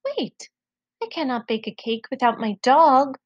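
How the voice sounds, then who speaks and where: Fussy baker woman, way up high and insistent, lady reads her out, dry sound. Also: very animated, a little slow, no room sound, lo-fi sound, heavily acted. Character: demanding folktale baker woman, adult.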